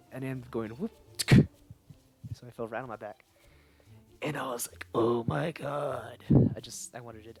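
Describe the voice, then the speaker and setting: This young man has a mid-range, darkish voice and chats casually while streaming a video game. His commentary rambles, and he often corrects himself mid-sentence.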